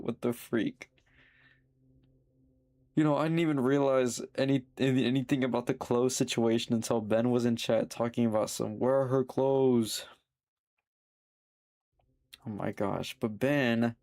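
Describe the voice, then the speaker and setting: A man's voice: mid-range voice, creaky, a little mellow. A man streaming a game live, reading its text aloud and chatting to his viewers. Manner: reads game text aloud, talks to chat. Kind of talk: live gameplay commentary.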